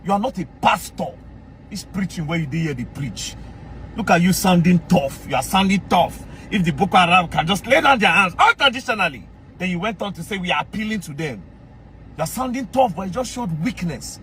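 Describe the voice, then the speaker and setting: A man with a Nigerian accent, ranting in mocking commentary and often shouting. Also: high-pitched, lively intonation, a little fast, slight background noise.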